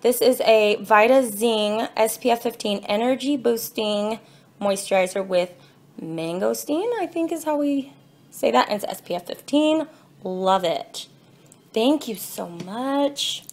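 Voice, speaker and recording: A young woman gushing excitedly as she unboxes gifts in her home kitchen, filming on a phone in one hand and apologizing as she fumbles. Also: on the high side, unhurried. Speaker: vlogger. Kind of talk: casual unboxing vlog. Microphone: phone held in one hand.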